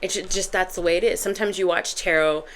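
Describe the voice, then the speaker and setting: Woman, tarot reader, chatty and rambling, somewhat low voice. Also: quick pace, a little hiss or hum. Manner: chatty, rambling, animated with laughs. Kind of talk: casual tarot reading to viewers.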